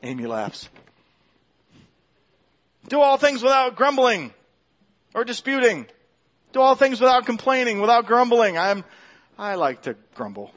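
A man's voice: extremely high pitch, very animated, a little slow, pauses often, fairly bright tone, lo-fi sound. A man preaching a sermon in a church, talking in a loose conversational way with restarts and self-deprecating asides. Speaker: pastor. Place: church sanctuary.

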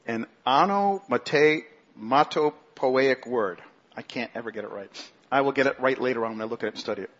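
A man preaching a sermon as pastor, animated, mimicking grumbling people in a mocking high voice. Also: normal speed, highs cut off.

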